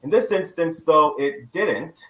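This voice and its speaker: A man, the show's house attorney, calmly breaking down a legal case on a podcast panel. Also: fairly high pitch, roomy sound, rough recording. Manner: measured legal explanation.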